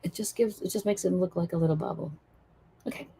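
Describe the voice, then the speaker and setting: A woman's voice: lowish voice, quick pace, warm tone, slight background noise. A woman teaching acrylic painting in a live stream, chatting and encouraging while she works. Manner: chatty, encouraging, thinks aloud while working.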